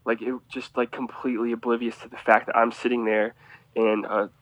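A man telling a rambling, animated story as a guest on a casual podcast, often restarting his sentences. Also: medium pitch, fairly quick, no echo, dull audio.

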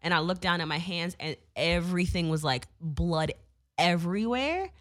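Young woman, lower voice, loose and animated anecdote delivery with frequent filler words and swearing. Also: normal speed. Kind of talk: casual storytelling.

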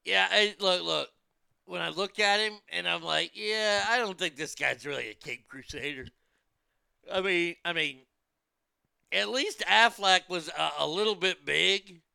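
Gravelly, bright, profane man rambling. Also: sits high, measured pace, no echo. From United States. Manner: profane, blunt, rambling with many restarts. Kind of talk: casual rambling chat.

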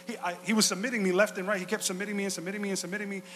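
A man preaching a sermon as pastor, passionate and swinging from quiet to shouting. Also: high voice, level tone, racing, slight background noise. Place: church sanctuary. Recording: reverberant hall.

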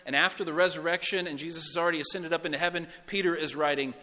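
A male pastor preaching in a church hall with a long, ringing reverb. His voice is bright and forceful and sits a little high for a man. He stresses lines by repeating them and drops to a near hush on key words. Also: fairly even intonation, racing, hardly any pauses. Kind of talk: sermon. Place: church sanctuary.

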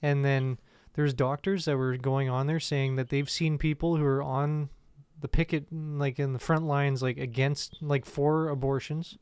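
A man's voice: mid-range voice, flat delivery, measured pace, a little mellow, smooth, dry recording. A man co-hosting a casual comedy podcast, rambling and profane, often laughing through his own stories. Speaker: podcast co-host.

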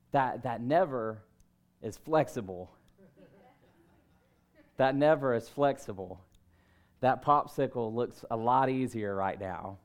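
A man in his thirties preaching a sermon, telling stories about himself in a relaxed, conversational way and breaking into emphatic bursts. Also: mid-range voice. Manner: conversational, self-deprecating storytelling with emphatic bursts. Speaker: pastor.

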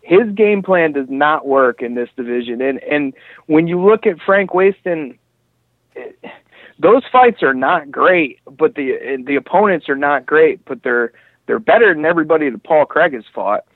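A man hosting a casual chat about fights, animated and profane, rambling through asides. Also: a little high, moderate pace, dry recording. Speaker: podcast host. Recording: tinny phone-like dry sound.

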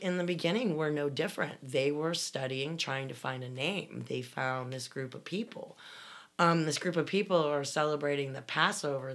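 A woman, casually recounting her time in a commune, rambling with restarts. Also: sits low. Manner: rambling, many restarts, laughs while telling. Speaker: guest recounting life in a commune. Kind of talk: casual conversational storytelling.

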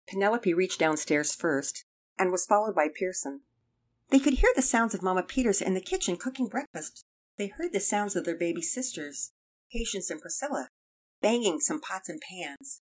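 A woman narrating a children's story aloud in an expressive, measured way. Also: on the low side.

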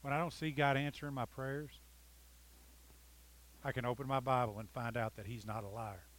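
Delivering a sermon, a pastor reads scripture dramatically, cracks jokes with his congregation, and moves from loud pleading to soft intimacy. His medium-pitched voice holds a steady tone at normal speed. It's a low-quality recording.

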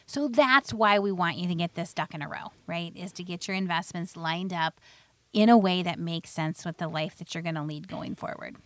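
A woman's voice: lowish voice, moderate pace, dry recording. A woman hosting a financial radio show, explaining retirement planning in plain words and telling stories about clients. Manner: plainspoken, tells client stories, laughs lightly. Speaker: financial advisor and radio host.

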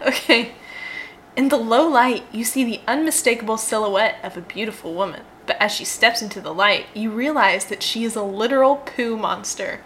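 A woman's voice: a little high, a little slow, sharp tone. A young woman hosting and narrating a choose-your-own-adventure game, playful and laughing often. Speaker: host and story narrator.

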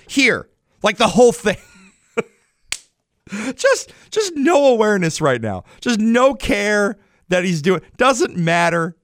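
A man's voice: no room sound, clean studio sound. A man hosting a morning radio show, telling a family story in an upbeat, chatty way. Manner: upbeat, storytelling with lively jumps in pitch. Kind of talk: morning radio talk segment.

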